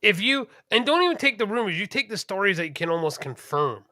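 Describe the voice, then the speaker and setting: A man co-hosting a podcast, chatting casually in a profane, rambling, animated way. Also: high voice, fast, dry recording, studio quality. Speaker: podcast co-host. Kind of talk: casual chat.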